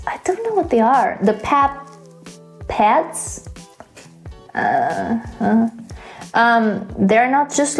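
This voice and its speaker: A woman's voice: fairly high pitch, darkish tone. A woman hosting a casual drawing tutorial, chatty and playful, with self-mocking asides. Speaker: art tutorial host.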